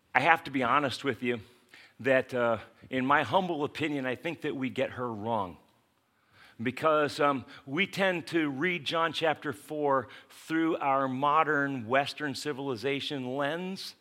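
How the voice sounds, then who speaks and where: A man preaching from the pulpit with a bright, forward voice. He tells a Bible story with lively storytelling and slips into the voices of its characters. His talk is casual and direct, a pastor speaking to his congregation. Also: medium pitch. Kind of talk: sermon.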